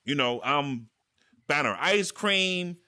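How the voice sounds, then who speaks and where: Animated man telling a story. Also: fairly high pitch, slow. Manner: animated, acts out quotes, stammering restarts. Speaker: podcast host. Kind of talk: casual storytelling chat. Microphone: VR headset mic.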